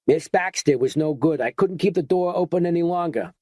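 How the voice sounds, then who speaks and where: A man voicing a blunt, cynical man who bellows orders and talks gruffly. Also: fairly high pitch, a little fast, warm tone, no echo, studio quality, voice pushed up, close to an everyday voice. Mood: stern. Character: blunt, cynical middle-aged man taking charge.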